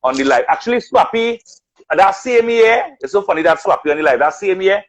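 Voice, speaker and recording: A man's voice: sits high, fairly quick, poor audio. A man telling stories of his music career in casual chat, acting out what others said. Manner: animated storyteller, acts out quotes. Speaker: radio announcer and artist.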